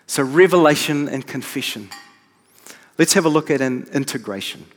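A man preaching a sermon from the pulpit in a measured, deliberate way with pauses. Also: fairly high pitch. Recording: long reverb of a large hall.

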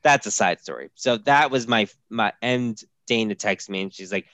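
A man's voice: lowish voice, normal speed, a bit bright, dry recording. A man co-hosting a podcast, chatting casually, swearing and laughing between run-on asides. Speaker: podcast co-host. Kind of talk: casual chat.

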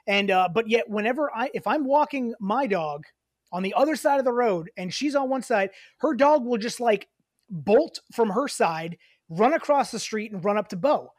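A man co-hosting a casual podcast, telling stories in an animated way, swearing and rising in pitch when riled. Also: moderate pace, no room sound, studio quality. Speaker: podcast co-host.

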